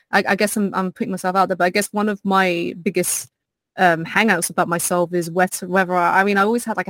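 A woman with a South East London accent, a streamer chatting as a podcast guest, self-deprecating and quick to laugh. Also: medium pitch, no room sound. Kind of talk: casual podcast chat.

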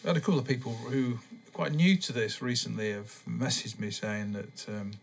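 Gravelly, relaxed male podcast host. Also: medium pitch, fairly quick. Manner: relaxed and meandering, many ums. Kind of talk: casual rambling monologue.

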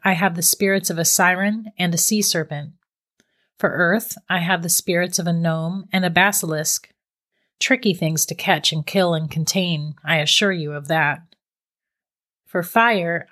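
Casting: cool, teasing witch captor, read by a woman in a storybook; lowish, unhurried, quietly amused. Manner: calm, matter-of-fact and mocking. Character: cold, teasing middle-aged female witch captor. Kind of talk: storybook reading.

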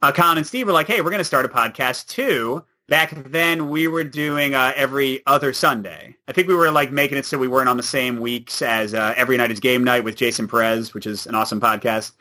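A man chatting as a podcast guest, animated and laughing often. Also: medium pitch, quick pace, hardly any pauses. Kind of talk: casual chat.

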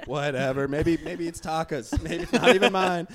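A man's voice: a little high, moderate pace, a loud crowd. A young man hosting a casual podcast chat, joking, laughing often and acting out quotes. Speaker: podcast host.

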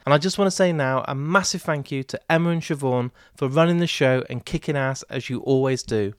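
Smooth-voiced, enthusiastic male podcast host. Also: mid-range voice, no room sound, studio quality. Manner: enthusiastic, effusive, swears casually. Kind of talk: casual interview chat and outro.

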